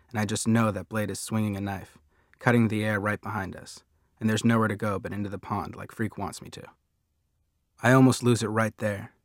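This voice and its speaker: A man narrating a first-person audiobook in a steady, plain storytelling manner. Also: lowish voice, no room sound, studio quality.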